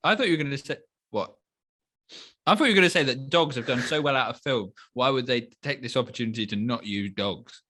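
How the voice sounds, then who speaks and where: A man's voice: medium pitch, a little fast, bright, forceful tone. A man co-hosting a casual film review podcast, cutting in with dry, teasing one-liners. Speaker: podcast co-host.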